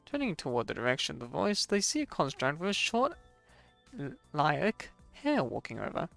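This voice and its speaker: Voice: mid-range voice, huge pitch swings, normal speed, creaky, fairly bright tone, faint music behind. Streamer reading a game story aloud. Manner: reads narration aloud, stumbles over words and chats in asides.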